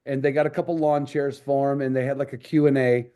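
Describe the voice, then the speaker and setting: A man's voice: mid-range voice, flat delivery, quick pace, mellow, clean tone. A man hosting a podcast, telling stories in a casual, rambling way with many restarts. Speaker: podcast host. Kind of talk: casual storytelling chat.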